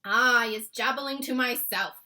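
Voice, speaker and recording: A woman's voice: fairly high pitch, measured pace, sharp tone, pitched above the performer's own voice. A woman voicing a big friendly male giant in a storybook reading. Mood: defensive.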